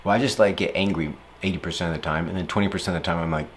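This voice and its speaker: Young guy, lowish voice, casual and goofy, acts stuff out, faint background hum. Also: rapid-fire, hardly any pauses. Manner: playful and animated, jumps into silly voices and acted-out quotes. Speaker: speaker reflecting on stress. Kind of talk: casual reflective monologue.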